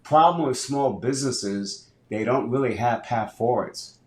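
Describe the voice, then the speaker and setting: Energetic older man, roomy sound. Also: mid-range voice, measured pace. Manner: energetic storyteller who acts out dialogue. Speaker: guest, business advisor and speaker. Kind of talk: podcast interview. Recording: roomy echo.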